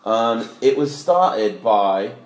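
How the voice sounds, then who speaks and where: A man's voice: medium pitch, expressive, extremely slow. A man co-hosting a casual podcast chat, teasing his friends and retelling stories with put-on voices. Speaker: podcast co-host. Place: home studio. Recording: roomy echo.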